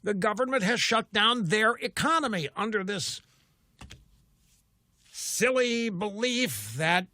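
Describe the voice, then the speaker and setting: Emphatic older talk radio host, bright voice. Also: male voice, sits high, lively intonation, slow, pauses often, no echo. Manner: emphatic, combative, rhetorical questions. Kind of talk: political talk radio monologue. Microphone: studio mic.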